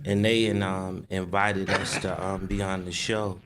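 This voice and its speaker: Male singer from Boston, low voice, relaxed storyteller with ums, radio guest. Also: measured pace, noisy background. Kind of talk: casual radio interview.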